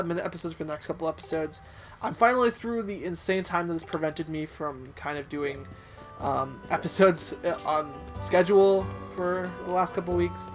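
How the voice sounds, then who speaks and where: A man with a high voice chats through a let's play, halting and self-deprecating and full of ums and likes. Game music plays clearly under his talk. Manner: hesitant, filler-heavy and self-deprecating.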